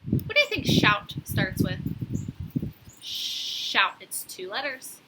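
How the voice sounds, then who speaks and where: A woman teacher giving a phonics lesson to young children, slowly sounding out letters with encouragement, outdoors on a deck. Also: medium pitch, very animated. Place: outdoors on a deck by a lake, rain starting. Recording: loud outdoor noise.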